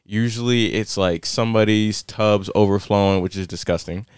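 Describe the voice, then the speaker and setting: A young man with a smooth, clear voice recounts a wild story in casual podcast chat. He throws himself into the quoted lines and jumps way up in pitch. The sound is close and dry. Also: moderate pace, dry recording. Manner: animated, acts out quotes with big pitch jumps.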